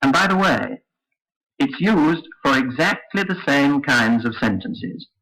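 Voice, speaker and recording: A man teaching English intonation in a slow, careful, scripted lesson. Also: medium pitch, lively intonation, sharp tone, poor audio. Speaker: phonetics teacher. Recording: old lesson recording.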